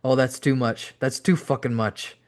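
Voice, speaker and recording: A man's voice: mid-range voice, fairly even intonation, normal speed, natural voice. A man voicing a hooting, laughing adult male wrestler with a thick English accent, read within an audiobook. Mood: hooting amused. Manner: loud, amused, hooting.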